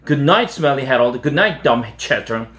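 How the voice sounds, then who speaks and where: A man's voice: medium pitch, animated, moderate pace, a bit bright, lightly acted. A man voicing a sulky older brother in a storybook reading. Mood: complaining.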